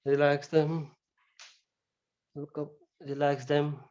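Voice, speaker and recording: A man leading a guided yoga relaxation, talking slowly and calmly with many "you know"s. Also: a little high, muffled recording. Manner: slow, calm step-by-step guidance with frequent "you know". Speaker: yoga instructor. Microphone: camera mic.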